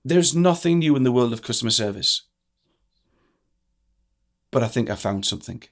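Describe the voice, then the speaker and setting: A man, a guest telling stories in a lively way and acting out the lines of the people in them. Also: medium pitch, moderate pace. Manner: energetic, acts out quoted dialogue. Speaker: guest speaker. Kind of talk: animated storytelling in a podcast interview.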